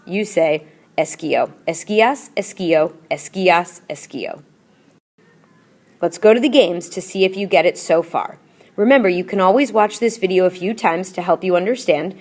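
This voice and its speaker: A woman teacher in a recorded classroom video lesson, explaining patiently and repeating drills and chants. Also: fairly low pitch. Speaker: Spanish teacher.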